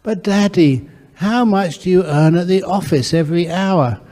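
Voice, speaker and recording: A man's voice: normal speed, dark tone, in a large hall, natural voice. A man voicing a pestering six-year-old boy who keeps asking insistent questions in a raised voice. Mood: pleading. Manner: insistent, high-pitched questioning.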